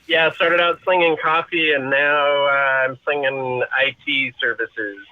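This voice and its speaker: A man joining a podcast as a guest from his car, deadpan and dry in his humor. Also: medium pitch, measured pace, no room sound, narrow, tinny audio. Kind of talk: casual podcast chat.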